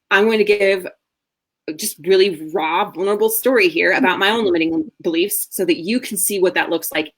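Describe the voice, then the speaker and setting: A woman in her thirties, a marriage coach, telling a candid personal story in a masterclass with earnest warmth and the odd soft laugh. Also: fairly low pitch. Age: 30s.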